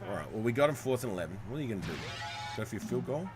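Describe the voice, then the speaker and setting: A man streaming a football video game live, chatting with viewers and swearing and shouting at plays. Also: mid-range voice, lively intonation, very fast, loud music behind the voice. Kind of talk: live gameplay commentary.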